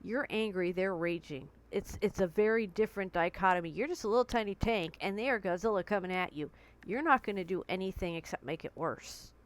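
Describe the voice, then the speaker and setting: Woman vlogging from her bedroom, smooth clear voice, just talking straight to the tablet. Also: mid-range voice, fairly quick. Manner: candid and conversational, with vivid comparisons. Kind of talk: personal talk to camera. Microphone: tablet recording.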